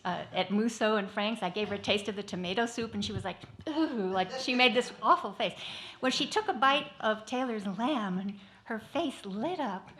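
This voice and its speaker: A woman hosting a live tribute evening, telling a rambling anecdote with many fillers. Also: medium pitch. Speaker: event organizer and host. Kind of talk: casual anecdote at a live event. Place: small performance venue.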